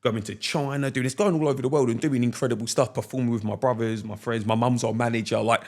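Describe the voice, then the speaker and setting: A young man, a podcast guest telling stories in casual chat, slangy and animated, laughing often. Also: medium pitch, fast talker.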